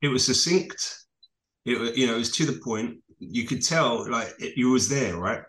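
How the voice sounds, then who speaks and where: A man's voice: mid-range voice, moderate pace, a bit bright. A man co-hosting a comedy podcast, smugly teasing a friend and boasting about the feedback. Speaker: podcast co-host. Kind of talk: casual banter among friends.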